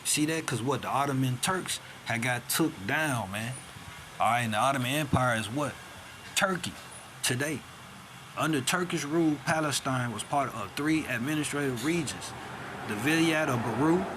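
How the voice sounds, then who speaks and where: A man's voice: mid-range voice, background noise. Casual man quizzing listeners with "all right?". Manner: peppers talk with "all right?", "man" and "see that?"; rhetorical questions answered himself. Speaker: self-styled teacher. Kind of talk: informal teaching, reading documents aloud.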